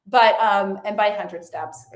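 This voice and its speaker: A woman's voice: medium pitch, steady tone, slow pace, reverberant. A woman giving an earnest, chatty motivational talk to camera, full of fillers, sometimes dropping to a near whisper. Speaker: lifestyle and faith vlogger.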